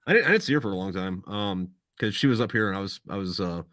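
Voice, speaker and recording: Young adult male guest, crisp bright voice, swings widely in pitch, cusses constantly, dry close mic. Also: expressive, fast talker, no room sound. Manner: profane, rambling storyteller. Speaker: guest, Marine veteran. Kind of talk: casual podcast chat.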